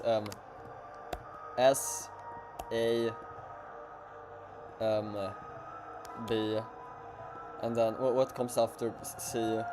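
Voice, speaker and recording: A Swedish-accented man with a mid-range voice chats casually on a livestream as a streamer, halting, stammering and restarting often.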